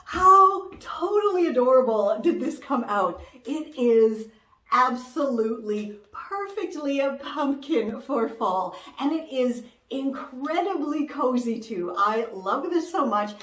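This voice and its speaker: A woman's voice: high-pitched, animated, slow, fairly bright tone, echoey room. A woman hosting a DIY clothing refashion vlog, gushing enthusiastically about her finished project. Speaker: DIY refashion vlogger and host. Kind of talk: upbeat craft vlog.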